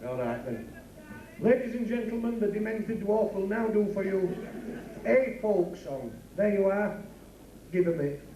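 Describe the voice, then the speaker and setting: A man's voice: high-pitched, animated, measured pace, pauses often, warm tone, roomy sound, far from the mic, low-quality recording. A man with a Yorkshire accent playing the scolding straight man in a club comedy double act, recorded live.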